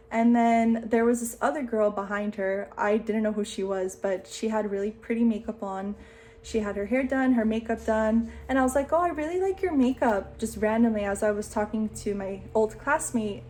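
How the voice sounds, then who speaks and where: A woman in her late twenties, a vlogger telling a story to the camera in a chatty, excitable way, saying "like" a lot. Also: medium pitch, a little hiss or hum. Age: 20s.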